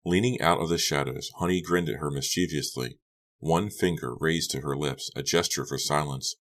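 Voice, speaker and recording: A man narrating an audiobook in a steady, measured storytelling manner. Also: rumbling low. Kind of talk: scripted narration.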